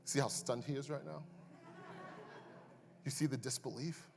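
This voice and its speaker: A man preaching a sermon as pastor, moving between hushed asides and loud, impassioned climaxes. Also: medium pitch, steady tone, normal speed, creaky, some chatter behind, a little hiss or hum. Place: church sanctuary. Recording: long reverb, faint music behind.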